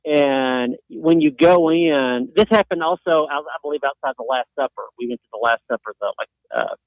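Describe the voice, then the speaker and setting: A middle-aged man from Tennessee, a guest sportswriter chatting on a radio show, telling travel stories with lively acted-out voices. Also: medium pitch, moderate pace, dry recording, lo-fi sound. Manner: animated storyteller, acts out voices. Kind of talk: casual radio chat.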